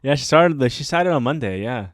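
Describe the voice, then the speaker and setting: Rambling Canadian-born man, smooth voice. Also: medium pitch, expressive, brisk, no echo, studio quality. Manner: rambling, hesitant, lots of fillers and restarts. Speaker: podcast co-host. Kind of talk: casual chat.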